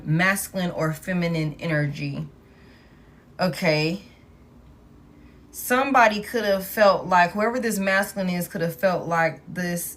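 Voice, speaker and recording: A woman's voice: on the low side, fairly bright tone. A woman giving a live tarot reading, blunt and profane, who thinks aloud as she pulls cards and talks straight to her viewers. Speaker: tarot reader.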